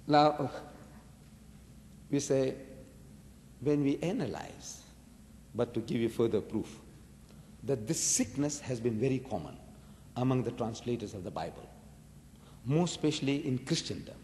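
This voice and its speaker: A man giving an emphatic religious debate lecture to an audience, full of rhetorical questions and big swings in pitch, slowing down to stress his points. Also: expressive, mellow, slight background noise. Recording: reverberant hall recording.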